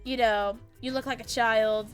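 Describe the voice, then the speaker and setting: A woman's voice: fairly high pitch, steady tone, a little slow, faint music behind, close to an everyday voice. A woman mimicking a grumpy young man on a date who complains and talks down to her. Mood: dismissive. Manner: dismissive, complaining.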